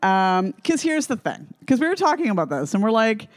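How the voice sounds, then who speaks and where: A woman's voice: fairly high pitch, sing-song, fairly quick, no echo. A swearing, laughing woman in her forties. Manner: swears a lot, laughs often. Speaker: podcast co-host. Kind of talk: casual chat.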